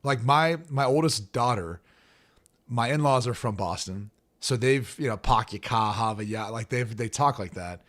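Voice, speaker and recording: A man co-hosting a sports radio show, telling animated, chatty anecdotes and quoting other people's voices. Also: mid-range voice, moderate pace. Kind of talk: casual sports talk. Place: radio studio.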